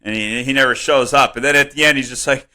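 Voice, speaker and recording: A man co-hosting a comedy podcast, rambling and swearing in casual chat, laughing often and jumping up in pitch when worked up. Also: fast. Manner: animated, voice jumps up when worked up. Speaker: podcast co-host.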